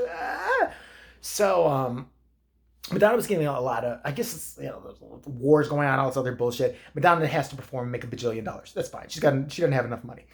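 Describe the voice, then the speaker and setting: In a comedic rant for a comedy vlog, someone plays a crude, opinionated old grandmother who rambles and swears. The voice is mid-range and gravelly.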